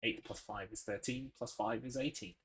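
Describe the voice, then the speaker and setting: A man's voice: mid-range voice, steady tone, normal speed, fairly bright tone, breathy edge. A man with an English accent streaming a horror game from his computer. He chats with viewers, answers questions from chat and swears now and then. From England. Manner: chatty, swears, reads chat aloud and answers it. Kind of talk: casual gaming commentary.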